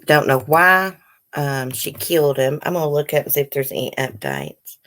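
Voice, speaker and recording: A deep-voiced woman, slightly bright in tone, hosts a live stream at normal speed with lively intonation. She alternates between reading news articles and launching into heated, indignant commentary, chatting casually and ramblingly with viewers in real time.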